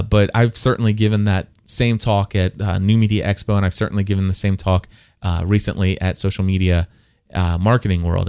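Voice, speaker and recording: A man's voice: lowish voice, a little mellow, dry recording. Chatty male podcast host, dry sound. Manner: chatty and digressive, often breaking off to comment. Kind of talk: casual solo podcast monologue.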